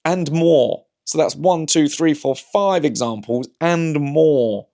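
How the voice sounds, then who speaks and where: A man with a fairly high, warm voice speaks slowly as he rambles casually to camera. He's a comedian and vlog host, wry and anecdotal, talking through hypotheticals and often starting his sentences over.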